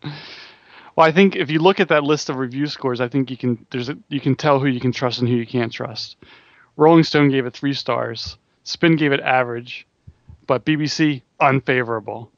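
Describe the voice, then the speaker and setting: A man's voice: mid-range voice, moderate pace, no room sound, lo-fi sound. A man co-hosting a podcast in casual chat, asking dry, offbeat questions. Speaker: podcast co-host.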